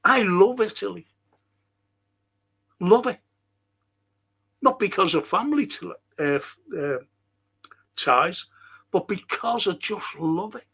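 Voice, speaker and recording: A man's voice: high-pitched, expressive, slow, gravelly, pauses often, a bit bright, slightly rough. A man hosting a rambling solo monologue, blunt, swearing and often restarting his sentences. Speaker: host.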